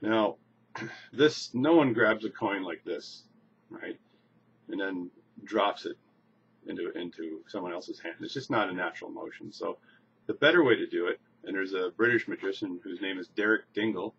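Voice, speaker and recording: Low-voiced man teaching a magic trick. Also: normal speed, gravelly, breathy edge. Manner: relaxed, repeats words and restarts while demonstrating. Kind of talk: casual demonstration tutorial. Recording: slightly dull lo-fi recording with faint noise.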